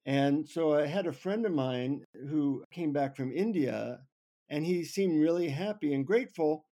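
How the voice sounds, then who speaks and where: A man on an interview show telling a funny personal story with lively, self-mocking humor. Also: fairly high pitch, a little slow. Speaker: guest. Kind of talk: anecdotal storytelling.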